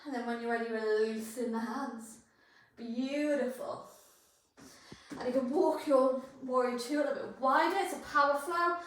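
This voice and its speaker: A high-voiced woman guiding a yoga flow, cueing each pose and breath with encouragement. She is out of breath from the effort. Her voice rings through a very echoey room, picked up from a distance. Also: moderate pace. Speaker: yoga instructor. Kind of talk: guided yoga class instruction.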